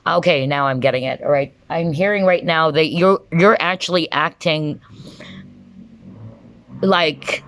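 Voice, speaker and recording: A woman's voice: low voice, unhurried, pauses often. A woman giving a pick-a-card tarot reading to camera, enthusiastic and chatty, often breaking into exclamations and checking in with the viewer. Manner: enthusiastic, excitable, frequent exclamations.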